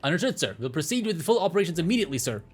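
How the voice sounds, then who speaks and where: A man's voice: on the high side, big pitch swings, very fast, breathy edge. A man voicing a stiff, formal male secret service chief in a game, ending every sentence with a clipped "sir".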